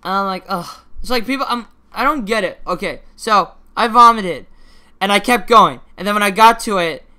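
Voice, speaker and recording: Teen boy, solo podcast host, bright voice, rambling casual chatter with restarts and offhand swearing. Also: sits high, expressive, normal speed, clean tone. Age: teens.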